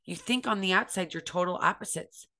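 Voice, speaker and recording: Earnest woman with a bright, forceful voice. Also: on the low side, brisk. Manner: earnest, emphatic, repeats phrases for stress; acts out others' voices in quoted speech. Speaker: speaker on recovery and self-acceptance. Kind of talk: impassioned motivational talk.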